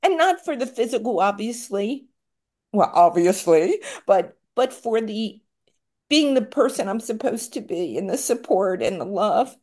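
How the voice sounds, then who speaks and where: A woman's voice: mid-range voice, lively intonation, unhurried, a little mellow. A middle-aged woman giving a personal share at a support meeting, candid and rambling, with self-deprecating asides, and tearful at times. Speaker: recovery meeting speaker.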